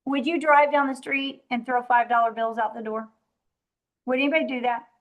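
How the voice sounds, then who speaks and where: High-voiced woman giving an energetic sales training. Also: normal speed. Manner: energetic, emphatic, talks straight to the group; acts out her own sales pitches in a softer voice. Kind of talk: motivational training talk.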